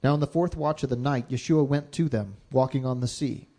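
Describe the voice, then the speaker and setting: Man reading scripture in a dark voice. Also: mid-range voice, a little fast. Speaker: scripture reader. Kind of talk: Bible reading aloud.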